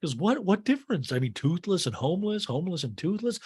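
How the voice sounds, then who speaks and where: Man, podcast host, comedic TV recap, sarcastic, animated pitch. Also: quick pace, hardly any pauses, slightly rough. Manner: sarcastic, profane asides.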